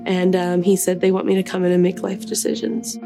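A woman giving a personal testimony, speaking softly and reflectively with many pauses. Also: on the low side, monotone, low-quality recording. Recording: music playing underneath. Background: guitar music.

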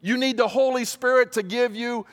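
A man's voice: very high voice, steady tone, moderate pace. A man preaching as a pastor to his congregation, repeating key phrases and asking questions for the crowd to answer. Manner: call-and-response, repeats phrases for emphasis. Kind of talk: sermon. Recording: long hall reverb.

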